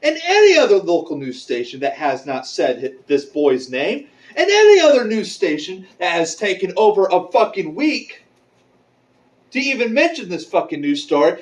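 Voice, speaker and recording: An online commentator delivering an angry, profane rant with drawn-out, stressed words. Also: medium pitch, wildly swooping pitch. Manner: furious, profane, emphatic.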